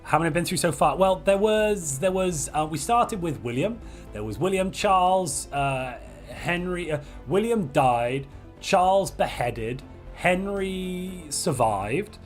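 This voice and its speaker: A man hosting a multiplayer strategy game livestream, hoarse from a chest infection, joking in a playful, theatrical way. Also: high voice, animated, unhurried, soft background music. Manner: playful, theatrical royal pronouncements. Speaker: streamer host.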